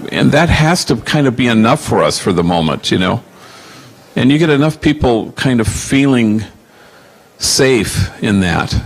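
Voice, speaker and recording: Reflective low-voiced man in his 60s. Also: vocal fry. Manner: reflective, halting with fillers. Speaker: Jesuit priest answering questions. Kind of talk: Q&A storytelling.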